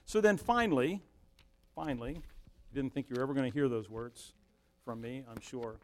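A middle-aged man preaching a sermon as pastor, swinging from loud emphasis down to a near-whisper. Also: medium pitch, moderate pace, a little hiss or hum.

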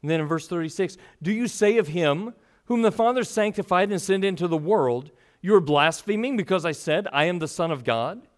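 Guy preaching a sermon, kinda high voice, earnest teacher vibe. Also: lively intonation, brisk.

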